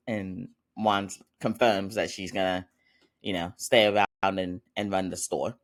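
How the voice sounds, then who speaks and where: A man's voice: lowish voice, level tone, a little slow, a bit bright. Chatty man recapping a show. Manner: chatty, rambling, with frequent fillers and little laughs. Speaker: podcast host. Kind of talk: casual episode recap.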